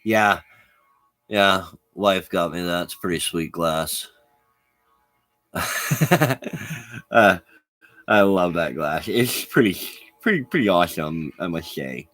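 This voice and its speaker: A man's voice: fairly low pitch, a bit bright. A man chatting with viewers on a live stream, rambling and laughing often. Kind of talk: casual live-stream chat.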